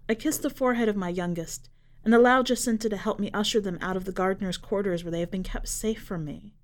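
A woman narrating a dark short story for a fiction podcast in a measured, dramatic reading style. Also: medium pitch. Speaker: podcast editor and reader.

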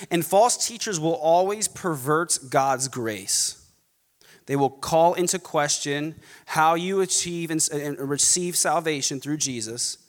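A man preaching a sermon, animated, mocking snobby voices now and then. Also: fairly high pitch, big-room sound. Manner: animated, mocks snobby voices in quoted asides. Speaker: pastor.

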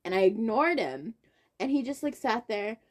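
A young woman chats casually on her podcast, her pitch leaping around as she tells the story. She acts out the other people's lines with big swings in her voice, in a loose, rambling way. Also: lively intonation, moderate pace, a little mellow. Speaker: podcast co-host. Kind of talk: casual chat.

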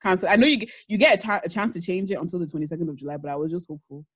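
A woman's voice: on the low side, rapid-fire, breathy edge. A young woman in her twenties co-hosting a podcast from home, chatting casually and teasing her friend, laughing a lot. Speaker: podcast co-host. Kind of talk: casual chat. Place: home studio.

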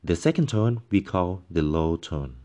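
A male language teacher patiently explaining tones, halting with frequent fillers and demonstrating each tone by voicing syllables and musical notes. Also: low voice, animated, warm tone. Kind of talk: tone pronunciation lesson.

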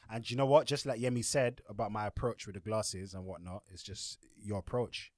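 A man's voice: on the low side, fairly even intonation, fairly quick, a little mellow, no room sound, studio quality. A man co-hosting a podcast, chatting casually and playfully teasing. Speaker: podcast co-host. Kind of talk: casual chat.

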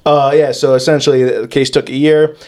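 A man's voice: medium pitch, little pitch movement, brisk, darkish tone. Crude, joking male podcast host. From United States. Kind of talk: casual storytelling chat.

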